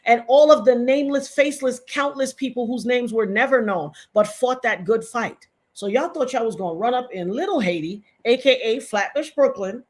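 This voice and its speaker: A woman's voice: a little high, normal speed, hardly any pauses, darkish tone. A middle-aged woman giving impassioned, emphatic live-stream commentary to her chat, repeating points for stress.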